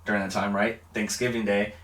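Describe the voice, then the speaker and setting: A man's voice: fairly low pitch, flat delivery, brisk, a bit bright. A young man co-hosting a podcast, chatting casually and rambling with frequent laughs. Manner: laid-back, rambling, laughs often. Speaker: podcast co-host. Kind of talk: casual chat. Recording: roomy, distant mic, lo-fi backup audio.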